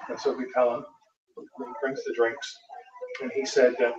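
A man's voice: mid-range voice, wildly swooping pitch, normal speed. An American man, a Catholic priest, giving a conference talk and telling a travel story with dry humor and plenty of "uh" fillers. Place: lecture hall. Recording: roomy, distant, dull lecture-hall recording with faint noise.

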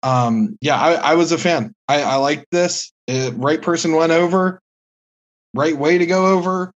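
Blunt, swearing man, slightly higher voice. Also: measured pace, dull audio. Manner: blunt, swears, ranting opinions. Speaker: podcast co-host. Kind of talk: casual podcast review chat.

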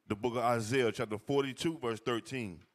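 A man's voice: medium pitch, steady tone, moderate pace. Man reading scripture aloud. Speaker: scripture reader in a class.

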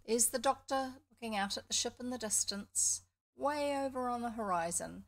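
Nz lady reading a kids book out loud, gravelly voice, chatty little asides. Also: fairly high pitch, normal speed. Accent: New Zealand. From New Zealand. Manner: chatty, explanatory. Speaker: storybook reader.

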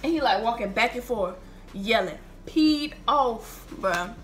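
A young woman in her late teens telling a dramatic storytime vlog in an animated, slangy way. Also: a little high, a little slow, slight background noise. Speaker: vlogger.

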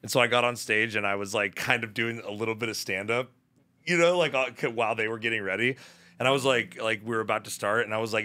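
Bright-voiced man telling a rambling story. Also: lowish voice, fast, no room sound. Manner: rambling anecdote with many restarts and fillers. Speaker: guest, band musician. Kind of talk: casual podcast chat.

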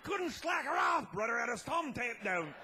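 A man telling a tall tale as a comedy monologue, loud and laughing, often breaking into shouts. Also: very high voice, big pitch swings, moderate pace, background noise. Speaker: comic storyteller.

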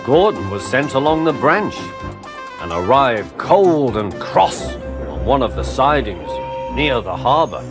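Male storybook narrator, lively, varied pitch, music underneath. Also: slow. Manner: gentle, expressive storytelling. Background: background music.

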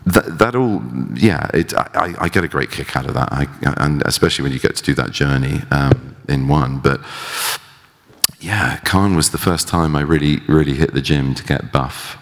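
A man's voice: a bass voice, moderate pace. A male actor talking as a guest at an on-stage interview, with frequent restarts and self-deprecating asides. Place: festival theater stage. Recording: long hall reverb.

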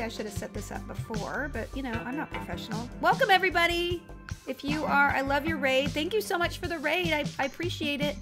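High-voiced chatty woman streamer. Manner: chatty and scattered, reading viewer comments aloud. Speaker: live-streamer playing a video game. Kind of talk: casual live-stream chat.

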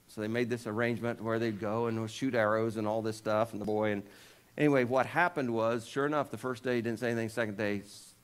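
A male pastor preaches a sermon, retelling scripture like a casual story with jokes and asides. His intonation is fairly even and his pace fast, but he lifts his pitch and volume when voicing the people in the story.

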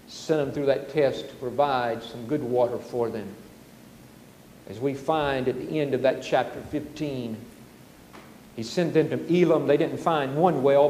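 A man preaching a sermon as pastor, animated, acting out the grumbling crowds. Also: mid-range voice, roomy sound, in a large hall, a little hiss or hum, rough recording. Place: church sanctuary.

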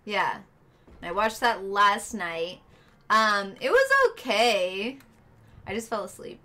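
A woman's voice: medium pitch, lively intonation, takes it slowly, pushed and bright. A woman streaming herself playing a video game, chatting casually with viewers and friends in the room.

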